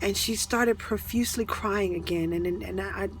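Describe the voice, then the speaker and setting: A woman with a medium-pitched voice speaks at normal speed, with slight background noise. A spiritual speaker, she earnestly shares a personal spiritual story with her followers, repeating herself, often restarting sentences, and growing emotional to the point of near tears at times.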